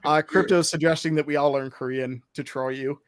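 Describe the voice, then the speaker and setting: A man's voice: a little high, steady tone, fairly quick. A man with a Midwestern accent hosting a casual live-stream chat, joking and sarcastic, often laughing.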